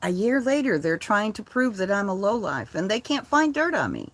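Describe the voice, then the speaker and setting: A woman's voice: medium pitch, moderate pace, hardly any pauses. An older woman talking casually on her vlog, blunt and profane, telling stories with lots of energy. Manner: blunt, profane, animated storytelling. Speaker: vlogger. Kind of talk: casual chat. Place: lives in a converted school bus.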